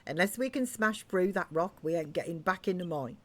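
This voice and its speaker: A man's voice: high-pitched, expressive, a little fast. A woman voicing a brash male miner with a put-on Cockney accent, mocking and shooing a stranger away. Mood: scornful. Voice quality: loud, dropped-h slang, mocking.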